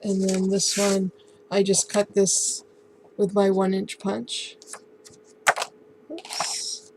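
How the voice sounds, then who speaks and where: Gravelly, flat-voiced woman crafter. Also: mid-range voice, slight background noise, low-quality recording. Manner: relaxed, halting, lots of ums and restarts. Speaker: crafting vlogger. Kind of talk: casual show-and-tell craft tutorial.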